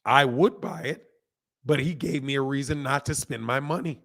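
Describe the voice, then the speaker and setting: A man with a hoarse voice hosting a casual boxing livestream, talking straight to viewers, repeating points and reading out chat comments. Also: medium pitch, moderate pace, fairly bright tone. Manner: talks straight to viewers, repeats himself for emphasis. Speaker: boxing channel host.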